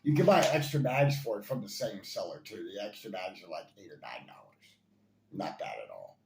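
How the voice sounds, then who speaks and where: A man's voice: on the low side, huge pitch swings, fairly quick, creaky, background noise. A man reviewing toy blasters in casual chat, enthusiastic and rambling, with lots of fillers and repeats. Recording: echoey room, faint ambience.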